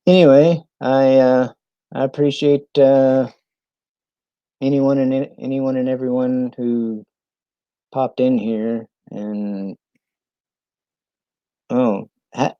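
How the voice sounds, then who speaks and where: A man from New England chatting casually on a live stream, halting and full of ums and restarts. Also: medium pitch, level tone, smooth, dry recording, muffled recording.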